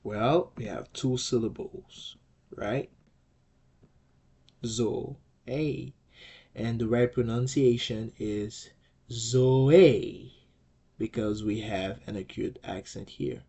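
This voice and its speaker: Man, teacher, slow patient explanation, asks "okay?" often, soft warm tone. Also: lowish voice, steady tone. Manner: patient, repeats points and checks with "okay?". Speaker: language teacher.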